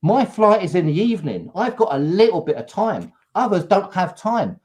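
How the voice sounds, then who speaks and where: An English man hosting a live chat show, telling an animated story and acting out the people in it. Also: high voice, normal speed. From England. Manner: animated, acts out quotes. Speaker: host.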